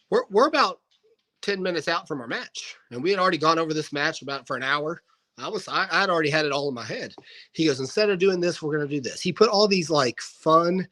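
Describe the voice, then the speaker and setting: A man's voice: on the high side, low-quality recording. A man in his thirties, a guest wrestler, telling stories in a casual interview and acting out what people said. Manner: animated anecdote-telling, acting out quoted dialogue.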